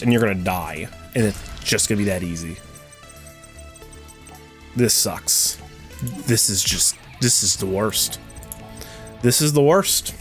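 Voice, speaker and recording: A young man commentating his own card game play, ranting and swearing as his frustration builds. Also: on the low side. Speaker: gaming streamer. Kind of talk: gameplay commentary.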